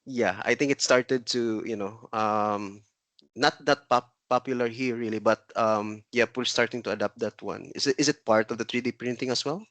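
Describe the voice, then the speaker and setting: A man's voice: mid-range voice, moderate pace, a bit bright, dry recording. A man from the Philippines hosting a webinar, speaking hesitantly with many fillers over a video call. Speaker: webinar host. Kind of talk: live webinar moderation.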